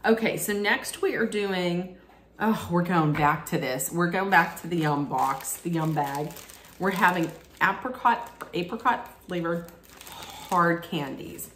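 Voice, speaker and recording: A woman talks through an unboxing and taste test at a very relaxed, drawn-out pace. She is chatty and frank, thinking aloud as she tries each snack. Her lowish voice rings in a roomy, echoing space with a faint hiss of background noise. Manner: chatty, candid, thinks aloud while tasting. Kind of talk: casual unboxing and taste-testing vlog. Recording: roomy echo.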